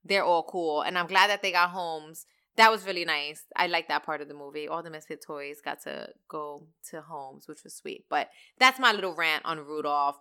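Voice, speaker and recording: A woman with a bright, crisp voice hosts her own podcast, talking in a loose, casual rant. She rushes along, full of slang and cheerful swearing, her words clear and sharp. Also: low-pitched. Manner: animated, slangy and profane, talks fast. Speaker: podcast host.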